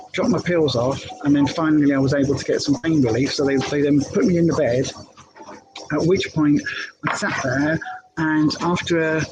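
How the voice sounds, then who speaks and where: A middle-aged woman, casually telling a candid story live from her hospital bed, halting often with fillers and restarts. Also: deep voice, noisy background. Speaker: health vlogger.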